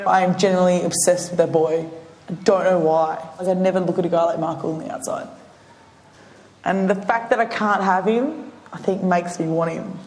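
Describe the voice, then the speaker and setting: A woman, a housemate, gushing through an animated confessional story. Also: fairly low pitch, normal speed. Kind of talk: confessional interview. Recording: echoey room, long reverb, faint noise.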